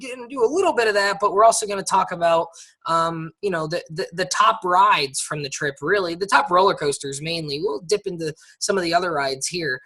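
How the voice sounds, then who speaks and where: A man's voice: high-pitched, fairly quick, bright, forceful tone. A man from the United States co-hosting a podcast, chatting casually with plenty of ums and restarts. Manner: chatty, many fillers and restarts. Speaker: podcast co-host. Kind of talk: casual chat.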